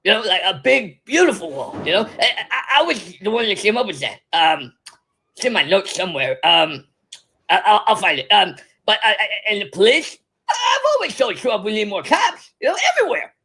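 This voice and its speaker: A performer puts on a drunk older stateswoman who stumbles through every sentence, stammering, giggling and losing her thread. The voice leaps all over the place and rings bright and sharp, with a husky, breathy edge. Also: mid-range voice, very animated, moderate pace, heavily acted. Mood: rambling. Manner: stammering, many false starts and giggles. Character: rambling tipsy older female politician, stammering. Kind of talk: comedic impression monologue.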